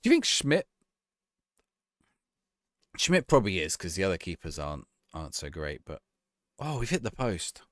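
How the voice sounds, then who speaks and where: A man's voice: sits low, very animated, brisk, a bit bright, no echo, studio quality. A man streaming a football management game, chatting casually and answering viewers' questions as he plays. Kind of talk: live-stream gameplay chat.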